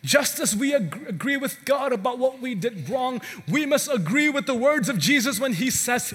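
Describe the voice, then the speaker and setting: A man's voice: extremely high pitch, sing-song, moderate pace, hardly any pauses, fairly bright tone, husky. A male pastor preaching a sermon in an earnest, emphatic way, weaving in a story. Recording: reverberant hall with faint music.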